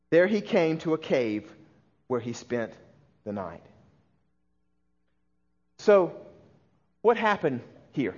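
A man with a Southern US accent preaches to his congregation in an earnest, high voice. He often lets his words drop soft and low for emphasis. The recording sounds dull and lo-fi. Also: big pitch swings, unhurried, pauses often. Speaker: pastor. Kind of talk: sermon.

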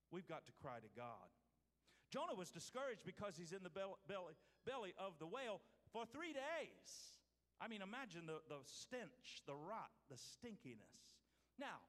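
A male pastor preaching a sermon, swinging from loud to hushed. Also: sits high. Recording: hall reverb.

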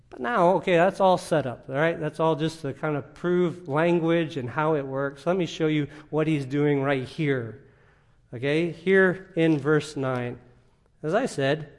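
A man preaching a sermon, teaching in an emphatic, conversational way with rhetorical questions. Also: a little high.

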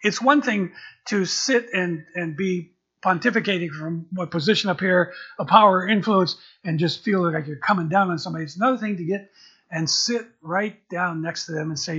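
A man's voice: high-pitched, moderate pace, sharp tone, breathy edge, lo-fi sound. An older man preaching a sermon as pastor, in a conversational way, often repeating words as he searches for the next phrase.

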